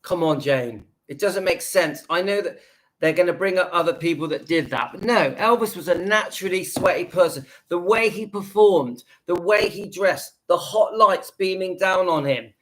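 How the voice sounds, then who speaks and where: A man's voice: sits high, normal speed, fairly bright tone. A man, hosting his own channel and ranting indignantly in a reaction video, repeating his points with emphasis. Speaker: YouTube channel host.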